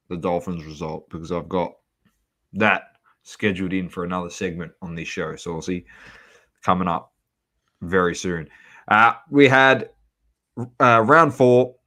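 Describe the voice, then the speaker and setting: A man's voice: sits low, pushed and bright. A man with an Australian accent hosting a podcast in casual sports chat, jokey and teasing as he moves through the segments. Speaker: podcast host.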